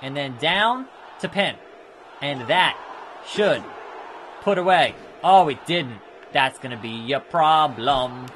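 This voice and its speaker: A man with a high, bright-pitched voice narrating his own video game playthrough. He reacts loudly and jokes at his own expense as he plays. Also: slow pace, slight background noise. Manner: excitable, jokey and self-mocking. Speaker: let's play host. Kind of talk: gameplay commentary.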